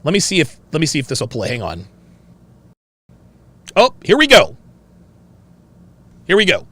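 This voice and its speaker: A man hosting a livestream, reading chat and joking in an animated, laugh-filled style. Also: on the high side, normal speed, no echo. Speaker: host. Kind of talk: casual livestream commentary.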